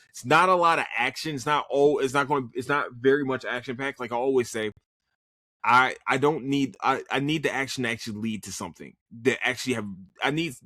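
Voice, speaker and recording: A man's voice: medium pitch, fairly bright tone, no room sound, studio quality. A young man hosting his own podcast, reviewing a show in a loose, rambling, profane solo chat full of restarts. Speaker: podcast host.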